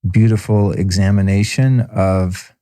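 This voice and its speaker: A man's voice: on the low side, fairly even intonation, unhurried, dark tone. A man hosting a podcast, reading an intro and then interviewing his guest with effusive enthusiasm. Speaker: podcast host.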